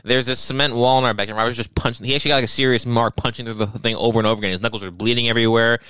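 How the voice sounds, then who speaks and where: A man's voice: medium pitch, steady tone, very fast, fairly bright tone, smooth, no room sound. A man from Long Island co-hosting a podcast, teasing his brother in casual chat and laughing often as he tells stories. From Long Island, New York. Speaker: podcast co-host.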